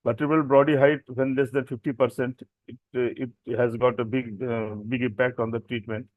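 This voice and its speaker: A man's voice: medium pitch, flat delivery, moderate pace, no echo, narrow, tinny audio. A man with an Indian English accent, a doctor giving a technical lecture with many fillers and self-corrections. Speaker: doctor presenting at a medical symposium.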